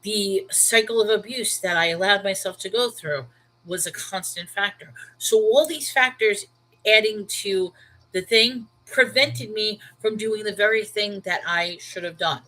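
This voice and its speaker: A woman's voice: mid-range voice, pushed and bright, a little hiss or hum, low-quality recording. A woman in her thirties from New York with a Brooklyn accent, hosting a casual Bible livestream and chatting candidly with viewers by name. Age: 30s. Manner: candid and emphatic. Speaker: livestream host.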